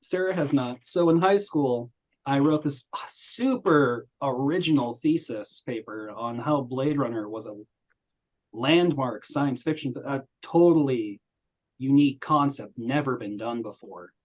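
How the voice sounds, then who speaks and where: A man's voice: mid-range voice, measured pace. A young man hosting a film review chat, telling stories casually and acting out quoted voices. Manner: animated storytelling with quoted voices. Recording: dull lo-fi audio.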